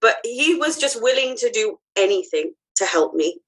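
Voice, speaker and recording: A woman's voice: a little high, sing-song, moderate pace, husky, low-quality recording. A woman guest on a podcast, telling her personal story in an earnest, heartfelt way with frequent ums and restarts.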